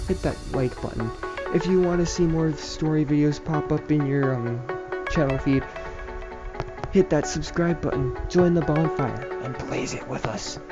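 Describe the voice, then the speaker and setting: A man with a mellow, warm voice tells a story to the camera in a loose, rambling way. He swears freely and restarts his sentences often. The recording is a bit dull and lo-fi, like a home setup. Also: mid-range voice. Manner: rambling, profane, many restarts and fillers. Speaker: YouTube storyteller. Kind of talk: casual storytime vlog.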